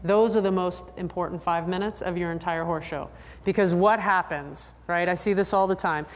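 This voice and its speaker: A woman giving a conference lecture to riders, lively and often checking in with the audience. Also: fairly low pitch, moderate pace, in a large hall. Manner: acts out riders' and trainers' voices. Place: convention lecture hall.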